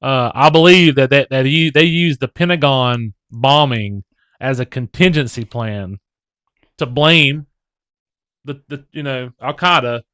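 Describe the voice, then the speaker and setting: A man co-hosting a casual podcast at an average pitch. He talks things through in a halting way and often restarts his words. His voice sounds dry and close, with no room around it. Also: a bit bright, smooth, no echo. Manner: halting, repeats words when thinking. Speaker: podcast co-host. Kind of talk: casual chat.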